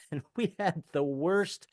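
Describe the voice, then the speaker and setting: A man's voice: on the high side, slow pace, darkish tone, no room sound, clean studio sound. An older man from the American South doing a rambling, self-deprecating stand-up set with frequent stammered restarts. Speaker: stand-up comedian.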